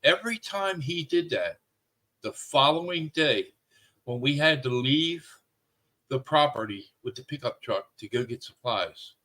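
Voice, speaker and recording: A man's voice: mid-range voice, animated, measured pace, sharp tone, poor audio. A man hosting a podcast in casual chat, talking in a rambling way with many fillers. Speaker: podcast host.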